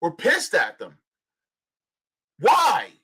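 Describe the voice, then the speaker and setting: A man's voice: sits high, huge pitch swings, drawn-out words, bright, forceful tone, breathy edge, low-quality recording. A man giving heated political commentary on a live stream, ranting, sarcastic, and full of rhetorical questions.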